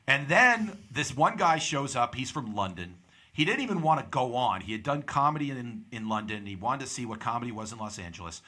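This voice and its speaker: Animated young man telling stories. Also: mid-range voice, brisk. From Pittsburgh, USA. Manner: animated storyteller, acts out quoted people. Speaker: podcast host. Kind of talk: casual chat, storytelling.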